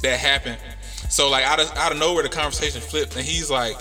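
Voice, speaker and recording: A man's voice: medium pitch, steady tone, quick pace, pushed and bright, big-room sound, soft background music. A man hosting a podcast, telling a story in a casual, rambling way with plenty of fillers. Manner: laid-back, rambling with many fillers. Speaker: podcast host.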